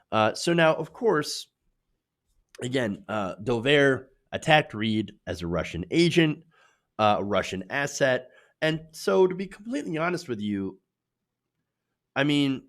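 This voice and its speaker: A man hosting a political commentary show, talking in an opinionated, animated way with many fillers and tag questions. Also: mid-range voice. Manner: animated, opinionated, filler-heavy delivery with frequent "uh" and "right?".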